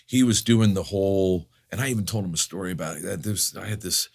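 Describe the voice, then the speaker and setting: A middle-aged man telling a lively, profane anecdote as a podcast guest. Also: low voice, gravelly. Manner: profane, lively storyteller, quick asides.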